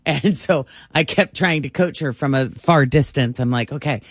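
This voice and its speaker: A man, a small business owner, chatting as a guest in a radio studio, animated and laughing often. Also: on the high side, moderate pace, no room sound. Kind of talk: casual studio chat.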